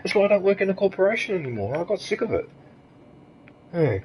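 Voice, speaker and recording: A man's voice: sits high, very animated, fast talker, muffled recording, slight background noise. An Australian man streaming a game and ranting angrily, with lots of swearing and rhetorical questions. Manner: angry, profane, ranting. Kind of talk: ranting commentary over gameplay.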